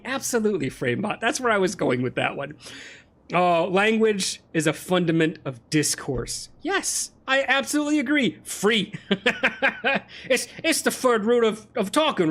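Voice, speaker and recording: A game streamer chatting casually with viewers while playing, animated and ranting with frequent laughs. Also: mid-range voice.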